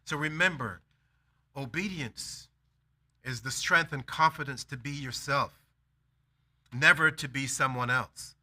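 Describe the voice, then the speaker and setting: A man's voice: mid-range voice, a little slow, long pauses, bright, forceful tone. A man preaching a sermon, telling a personal story with acted-out dialogue and building to emphatic declarations.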